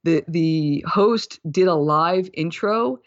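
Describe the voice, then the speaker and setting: A woman's voice: fairly low pitch, takes it slowly. A woman in her fifties talks thoughtfully about her path as a wellness coach, with now and then a light laugh at herself. The sound is lo-fi and muffled. There is no room echo at all. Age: 50s. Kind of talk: reflective interview storytelling. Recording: dull, lo-fi, dry sound.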